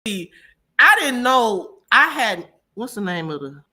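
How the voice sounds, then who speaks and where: Animated woman cackling through gossip. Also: fairly high pitch, measured pace. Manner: laughs loudly and often, dramatic, gossipy; swings between loud outbursts and quiet asides. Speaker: reaction streamer. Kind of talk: casual live-stream reaction chat.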